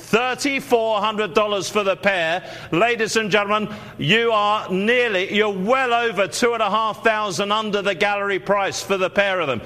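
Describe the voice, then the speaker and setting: A man calling a live auction, running through bids quickly with frequent fillers. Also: high voice, bright, forceful tone. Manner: rapid bid calling with many fillers.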